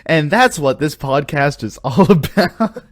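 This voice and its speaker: A man's voice: on the high side, expressive, unhurried, no echo, clean studio sound. A young man co-hosting a podcast in easygoing casual chat, loose and hesitant with "uh.". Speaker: podcast co-host.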